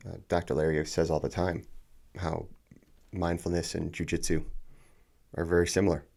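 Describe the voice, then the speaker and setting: A man co-hosting a podcast, talking in a casual, measured and steady way. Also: sits low, creaky. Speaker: podcast co-host.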